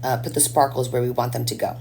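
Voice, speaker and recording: A woman's voice: rumbling low, level tone, quick pace, creaky, mellow, a little hiss or hum. A woman chatting casually on a live stream as she paints, rambling and answering viewers' comments.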